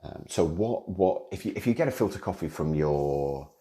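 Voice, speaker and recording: A man's voice: sits low, animated, moderate pace, mellow. A man hosting a casual solo podcast, rambling along with frequent restarts, repeated words and self-deprecating jokes. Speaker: podcast host.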